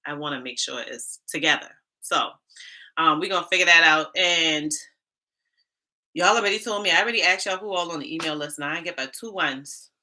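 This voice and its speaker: A woman's voice: deep voice, a little fast, bright, forceful tone. A woman from Charleston with a Gullah Geechee accent, hosting a casual livestream and chatting straight to her viewers. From Charleston, South Carolina. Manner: chatty, talks straight to the chat. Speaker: HR livestream host.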